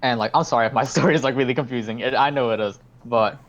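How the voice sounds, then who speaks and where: A man's voice: medium pitch, quick pace, highs cut off. A young man hosting a podcast, telling a story in casual chat, rambling, swearing a lot and acting out his own lines. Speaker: podcast host.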